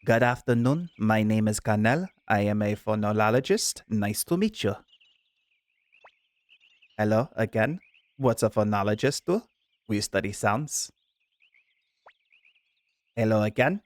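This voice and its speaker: A man's voice: lowish voice, animated, unhurried, pauses often, dry recording. A man putting on a prim accented phonologist. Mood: formal.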